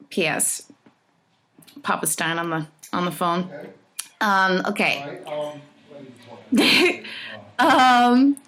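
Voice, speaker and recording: A woman's voice: medium pitch, a bit bright. A woman who is a singer and actress, answering fan questions in a casual, bubbly way that rambles, with many restarts.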